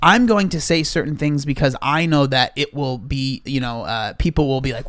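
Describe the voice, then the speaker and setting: A man's voice: medium pitch, brisk, few pauses, a bit bright, no echo. A man giving earnest, reflective commentary to camera, repeating himself as he thinks. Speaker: YouTuber.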